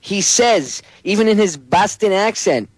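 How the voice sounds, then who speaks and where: A man's voice: sits high, animated, a little slow, dry recording, poor audio. A man hosting a talk radio show, ranting in an emphatic, sarcastic and profane way. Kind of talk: casual talk radio chat.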